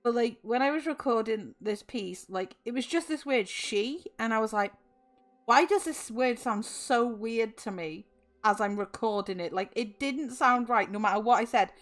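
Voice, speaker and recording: A woman's voice: a little high, normal speed, soft background music. A Welsh woman in her twenties chatting on a stream, chatty and giggly with lots of fillers. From Wales. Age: 20s. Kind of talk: casual chat.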